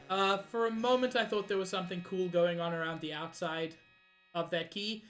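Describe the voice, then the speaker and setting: A woman's voice: on the low side, fairly even intonation, moderate pace. Woman reading game lines with jokey asides, music playing behind. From South Africa. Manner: playful, reads dialogue aloud with jokey asides. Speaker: game streamer. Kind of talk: playing and voicing a game live.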